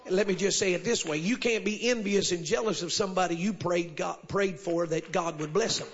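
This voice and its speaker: A man preaching a sermon to a congregation, dropping frequent amens and rising to shouted refrains. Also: sits high, a little fast, husky, muffled recording. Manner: builds to shouted call-and-response, sprinkles amen. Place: church service with congregation.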